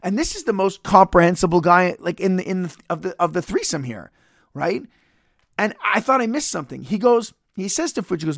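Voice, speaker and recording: A man's voice: sits high, expressive, moderate pace, dry recording, studio quality. A man reviewing a wrestling match in casual solo podcast commentary, profane, sarcastic and rambling.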